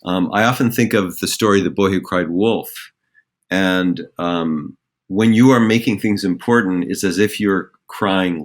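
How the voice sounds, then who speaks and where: A man's voice: deep voice, normal speed. A middle-aged man, a theater director, explaining acting ideas in a reflective, rambling way with many fillers and restarts. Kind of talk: conversational podcast explanation.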